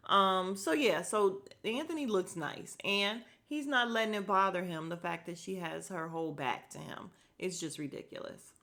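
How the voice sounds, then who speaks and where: A woman hosting a podcast, recapping a reality show in a blunt, animated, casual way with laughing asides. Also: mid-range voice, moderate pace, few pauses. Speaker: podcast host.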